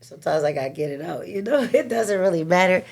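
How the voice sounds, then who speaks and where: A woman, a mother of three, chats frankly and in a laid-back way in a podcast studio. Her voice sits low with a gravelly fry. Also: expressive, fast talker. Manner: frank, laid-back, calls music therapy. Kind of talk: casual podcast chat.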